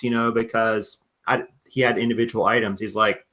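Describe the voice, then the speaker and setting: A man's voice: on the low side, fairly even intonation, brisk, bright, forceful tone. A man hosting a live-streamed interview, chatty and friendly, addressing his viewers directly.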